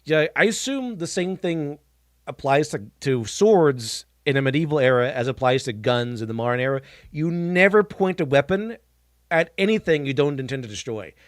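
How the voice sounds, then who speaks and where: A man's voice: on the high side, animated, moderate pace, dry recording, clean studio sound. A man giving casual live-stream reaction commentary, blunt and mocking, scoffing at what he watches and restarting sentences as he goes.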